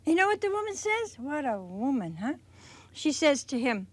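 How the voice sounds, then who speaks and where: A woman with a high voice teaches scripture in a folksy, animated way. She tells stories and acts out the lines of the people in them. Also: normal speed. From Italian heritage. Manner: folksy, animated storytelling with acted quotes. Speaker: religious teacher. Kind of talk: televised sermon talk.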